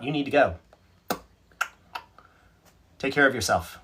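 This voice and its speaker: A man hosts a relaxed livestream and reads out viewer comments one by one. His voice is husky and a little breathy. He talks in a chatty, self-mocking way and laughs easily. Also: medium pitch, measured pace. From North Carolina, USA. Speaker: livestream host. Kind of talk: casual live chat, reading out viewer comments.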